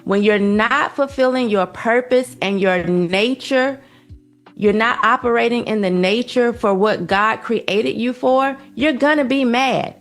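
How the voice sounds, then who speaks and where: A woman lecturing to camera in a forceful, preachy way. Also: a little high, a little slow, faint music behind.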